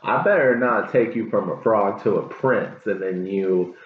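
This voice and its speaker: A man's voice: lowish voice, measured pace. A man doing a casual tarot reading, chatty, laughing and cussing as he talks. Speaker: tarot reader. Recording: lo-fi, phone-like, echoey, faint hiss.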